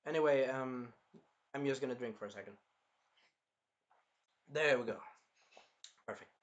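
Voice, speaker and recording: A man's voice: mid-range voice, measured pace, muffled recording. A young man hosting a casual anime review, rambling with lots of fillers and acting out scenes.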